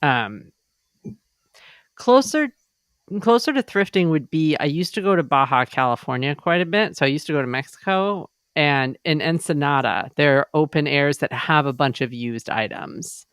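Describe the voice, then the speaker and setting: A woman co-hosting a podcast who rambles chattily through her story. Her voice is smooth and clear, and the recording is dry and close. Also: low-pitched, expressive, normal speed, fairly bright tone, no room sound. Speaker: podcast co-host. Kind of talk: casual chat.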